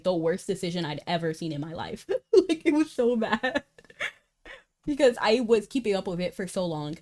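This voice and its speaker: A woman's voice: medium pitch, a little mellow. A young woman streaming a game, chatting casually and animatedly, breaking into laughter and incredulous outbursts. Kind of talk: casual livestream chat while gaming.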